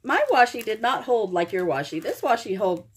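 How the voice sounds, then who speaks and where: In this happy mail unboxing vlog, a middle-aged Oklahoma woman raves about craft supplies with frequent exclamations. She speaks at a normal pace in a husky, expressive, medium-pitched voice.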